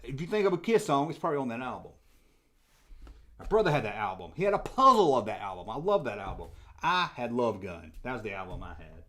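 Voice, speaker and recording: On his toy collecting livestream, a middle-aged man with a Southern accent rambles and jokes through viewer comments, breaking into loud excitement. He talks fast in a mid-range voice.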